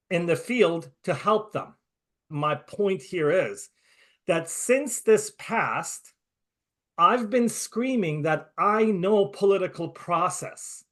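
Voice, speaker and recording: Emphatic, high-voiced male interviewer. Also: fairly bright tone. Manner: emphatic and indignant, speeding up in bursts. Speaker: interview host. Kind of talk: conversational interview.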